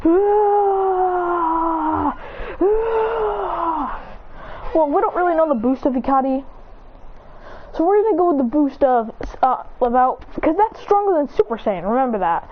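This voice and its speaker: Woman rattling off a fan story, high swoopy voice, dull lo-fi mic with a faint hiss. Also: very animated, fairly quick. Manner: breathless, run-on narration with sound effects.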